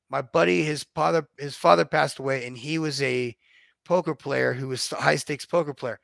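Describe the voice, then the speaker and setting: A vlogger tells stories from his own life in a casual monologue, blunt and profane, with a delivery he himself calls robotic. His gravelly voice sits a little high, with a fairly bright tone and no echo.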